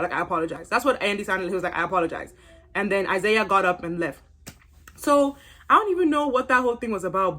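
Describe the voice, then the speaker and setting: A young woman hosting a casual review vlog, talking in a gossipy, animated way with exclamations and quick asides. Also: on the high side. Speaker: YouTube reality-TV reviewer.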